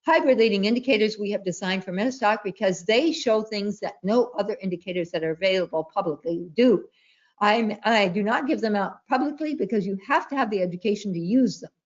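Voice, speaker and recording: An emphatic woman presents an online trading class, hammering her points home by repeating them. Her voice sits at an ordinary pitch. The audio is dull and lo-fi. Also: lively intonation, fairly quick. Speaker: trading educator. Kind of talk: webinar presentation.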